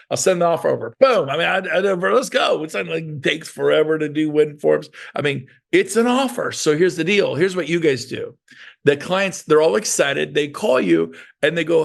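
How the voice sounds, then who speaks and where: Male sales coach, middle-aged, gravelly voice, lively storytelling, jumps between voices. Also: fairly high pitch. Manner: animated, plays both sides of dialogues. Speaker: real estate sales coach. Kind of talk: energetic sales talk with acted-out phone calls.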